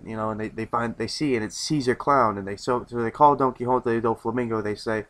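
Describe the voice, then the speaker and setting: A man's voice: medium pitch, steady tone, a little fast, hardly any pauses, a bit bright. A man reviewing in a loose casual chat, rambling with many restarts and casual swearing.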